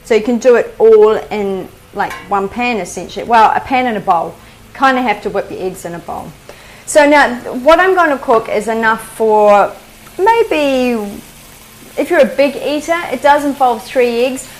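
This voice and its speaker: A woman's voice: fairly high pitch, expressive, moderate pace, low-quality recording. Chatty New Zealand woman cooking. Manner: chatty, homely, explains as she cooks. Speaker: cooking show host. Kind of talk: live cooking demonstration.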